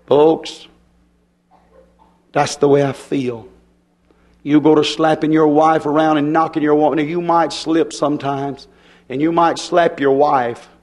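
A man preaching a fiery sermon, swinging from loud hollering to quiet, hushed stretches. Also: a little high, level tone, a little slow, pauses often. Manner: folksy, impassioned, swings from shouting to quiet.

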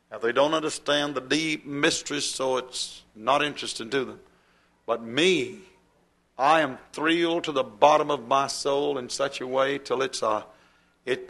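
A man preaching a sermon, slow and drawn out, repeating key phrases for emphasis. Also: mid-range voice, a bit bright.

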